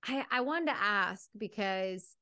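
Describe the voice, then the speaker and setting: A woman's voice: medium pitch, lively intonation, slow, bright, forceful tone, clear, resonant tone. A woman hosting a podcast, asking a guest a string of curious questions in a casual interview. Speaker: podcast host.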